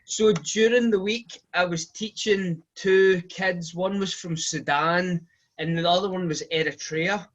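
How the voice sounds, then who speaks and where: Slow-talking, joking snowboard instructor man. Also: sits high, fairly even intonation, highs cut off. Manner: self-deprecating, joking about how he talks. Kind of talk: casual chat on a video call.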